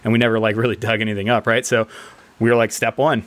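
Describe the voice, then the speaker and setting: A man's voice: fairly low pitch, fast. A man telling a long story casually among friends, laughing often and acting out what others said. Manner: animated, laughs often, acts out other people's lines. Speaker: podcast co-host telling a military story. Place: indoor team room.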